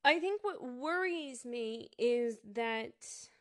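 Woman commentator, reflective and hesitant, measured slow pace, smooth tone. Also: on the high side, animated. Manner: thoughtful, halting, with many fillers and restarts. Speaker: commentator reviewing a show. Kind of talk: casual spoken commentary.

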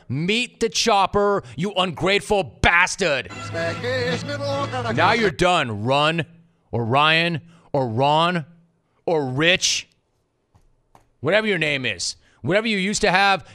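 A man's voice: a little high, sharp tone. Sarcastic ranting male radio host. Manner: sarcastic, ranting, mock-indignant. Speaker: sports talk radio host. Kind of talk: radio talk monologue.

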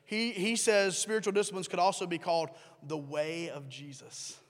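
High-voiced man preaching in a reverberant hall. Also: steady tone, moderate pace. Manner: conversational, asks the congregation questions and repeats key phrases. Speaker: pastor. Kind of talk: sermon. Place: church sanctuary. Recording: long reverb of a large hall.

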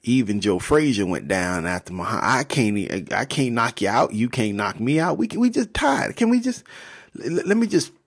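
A man's voice: mid-range voice, sing-song, normal speed. A man voicing a tired, blunt male angel who has wrestled all night. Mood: weary.

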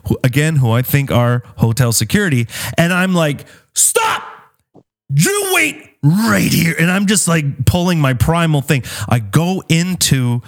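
Man, casual storytelling, animated, dramatic, slightly high voice. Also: moderate pace, hardly any pauses. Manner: animated, dramatic storytelling with big pitch swings. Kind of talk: casual chat, telling a personal story.

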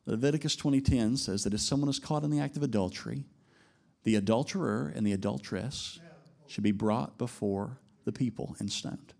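Animated man preaching a sermon. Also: medium pitch, vocal fry. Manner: animated, rising to emphatic peaks, slows for quoted lines. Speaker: pastor.

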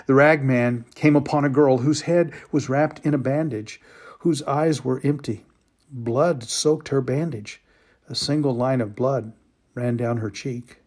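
A man giving a dramatic story reading, slow and emotive, with drawn-out pauses. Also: medium pitch, a little mellow.

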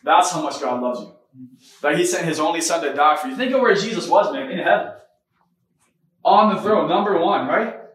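A man's voice: fairly high pitch, moderate pace, fairly bright tone. A man hosting a podcast, preaching a casual spoken sermon with fervor, tossing in "man", "right?" and "come on". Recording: very echoey room, mic far off.

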